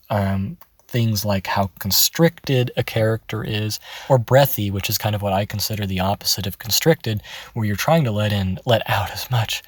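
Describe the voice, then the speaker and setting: A man giving a relaxed, chatty voice-acting tutorial, laughing often. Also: lowish voice, no room sound. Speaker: voice acting teacher. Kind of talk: casual tutorial. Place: in his car.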